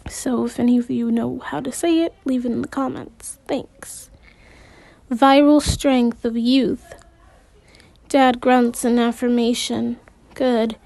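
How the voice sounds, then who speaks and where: Slow, careful woman reading aloud. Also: on the high side, level tone, vocal fry, darkish tone, no room sound. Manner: unhurried reading with slips and restarts. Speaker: amateur audiobook reader. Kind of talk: reading a novel aloud in first person.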